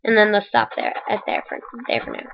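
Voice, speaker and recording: A woman's voice: medium pitch, huge pitch swings, brisk, gravelly. A woman casually narrating a game building tutorial in voice-over, rambling and correcting herself as she goes, with the hiccups. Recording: dull lo-fi mic.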